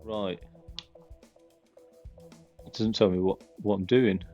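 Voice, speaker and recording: A man's voice: on the low side, steady tone, slow pace, dark tone, lo-fi sound, faint music behind. A man giving casual gameplay commentary, rambling and joking with wry asides as he plays. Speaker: gaming video host.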